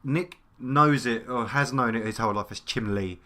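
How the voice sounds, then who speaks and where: Bright-voiced man, laughing chat. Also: medium pitch, normal speed. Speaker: podcast co-host. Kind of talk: casual chat.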